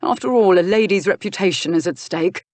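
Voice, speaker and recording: A steady older gentleman speaks firmly and with measured control, sometimes with a dry mocking edge. A woman reads him in a low voice. The recording is close and dry. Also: no room sound, natural voice. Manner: firm, measured, dryly mocking. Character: older uncle and guardian, firm, steady boxer. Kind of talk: audiobook character voice.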